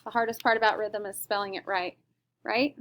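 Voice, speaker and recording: A woman's voice: medium pitch, steady tone, a little fast, a bit bright. A woman teacher giving a patient, explanatory recorded lesson and often checking in with her listeners.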